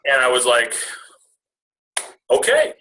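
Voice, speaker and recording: A man in his twenties tells a personal story to a retreat audience. His voice is bright and forceful, sitting at an ordinary middle pitch. He rambles, restarts and cracks self-deprecating jokes along the way. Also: fairly even intonation, fast, poor audio. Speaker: speaker at a retreat.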